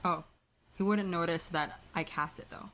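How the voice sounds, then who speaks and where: A woman playing a character in a tabletop game, speaking calmly and firmly. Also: fairly low pitch, normal speed. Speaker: player. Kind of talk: tabletop role-play.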